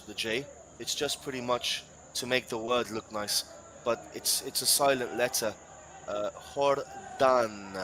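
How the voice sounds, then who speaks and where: A man's voice: mid-range voice, slight background noise. A man commentating live football, chatty and playful, whose first language is Spanish. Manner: chatty, playful, rising to excited shouts at big moments.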